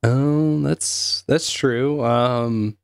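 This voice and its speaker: A man with a North Carolina accent co-hosting a stream, relaxed and laughing as he curses. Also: mid-range voice, extremely slow, gravelly, background noise. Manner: laid-back, laughing, cursing. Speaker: co-host. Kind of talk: casual chat on a live stream.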